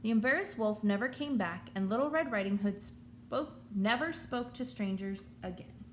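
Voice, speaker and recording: A woman teacher reading a children's story aloud in an expressive storytelling manner. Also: mid-range voice, moderate pace, a little hiss or hum.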